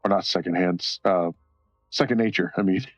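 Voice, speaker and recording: A man's voice: low voice, fairly quick, no room sound, soft background music. A man chatting casually on a live stream while coloring, rambling and cursing freely between short laughs.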